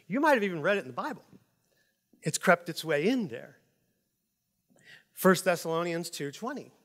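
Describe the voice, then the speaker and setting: Animated pastor preaching in a reverberant church. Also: male voice, high-pitched. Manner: animated, emphatic, shifts between loud stresses and quiet asides. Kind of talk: sermon. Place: church sanctuary. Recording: long hall reverb.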